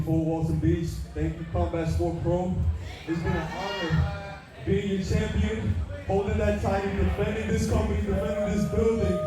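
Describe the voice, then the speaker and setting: A wrestler speaking to the crowd from the ring, heartfelt and slangy, rallying the audience. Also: male voice, high voice. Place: indoor brewery venue with live crowd. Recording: echoey venue mic from far off, loud crowd.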